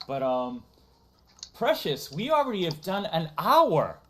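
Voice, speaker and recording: A woman's voice: on the low side, very animated, unhurried, a little hiss or hum. A woman with a Massachusetts accent, hosting a casual livestream and playfully reading out donations. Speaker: stream host.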